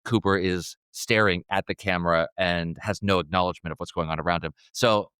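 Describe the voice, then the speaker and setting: A man co-hosting a podcast, chatting casually and excitably about a film, with laughs and trailing restarts. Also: low voice, fairly quick, clean tone, no echo, clean studio sound. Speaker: podcast co-host.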